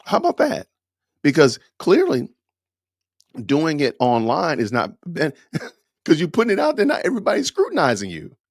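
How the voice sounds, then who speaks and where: A man's voice: fairly high pitch, sing-song, normal speed, no echo, studio quality. Emphatic man lecturing. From Atlanta, USA. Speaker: podcast host. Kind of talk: opinionated podcast commentary.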